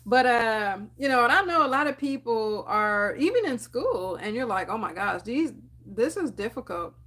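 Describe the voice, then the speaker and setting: A young adult woman, a dental hygienist, talking casually to camera with animated, laughing encouragement and frequent fillers. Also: on the high side, normal speed. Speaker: dental hygienist and channel host.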